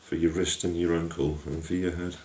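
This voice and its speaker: A man voicing a kind, calm selkie woman who speaks soothingly and reassuringly. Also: low voice, brisk, lightly acted. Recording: echoey room, distant mic.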